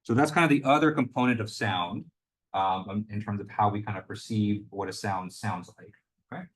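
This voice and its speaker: A man's voice: on the low side, a little fast. A young adult man giving a university lecture as the instructor, explaining loosely with lots of hedges and fillers. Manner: loose and hedging, full of "you know" and "kind of".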